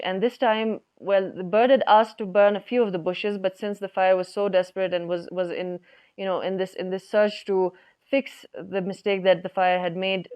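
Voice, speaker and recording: A woman telling a folk story in a relaxed, conversational way, with many fillers. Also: medium pitch, clean tone. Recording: dull lo-fi recording.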